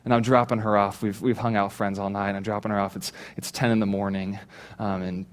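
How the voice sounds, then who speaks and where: Animated man preaching with a story. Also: fairly low pitch, a little fast, clear, resonant tone. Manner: animated storyteller, acts out his own shouts. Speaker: pastor. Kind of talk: sermon with personal story. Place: church stage.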